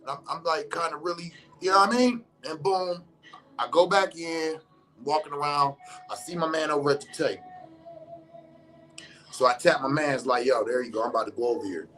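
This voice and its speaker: A man with a fairly high, fairly bright voice talks a little fast as he recounts an encounter. His speech is casual and slangy, he curses freely, and he acts out what other people said.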